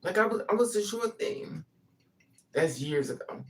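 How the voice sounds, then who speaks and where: Blunt, profane storytelling from a person in a casual monologue. The voice sits at a middling pitch and keeps jumping into loud, emphatic bursts. The mic is set well back, so the sound sits at a distance. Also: expressive, measured pace. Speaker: vlogger telling a personal story.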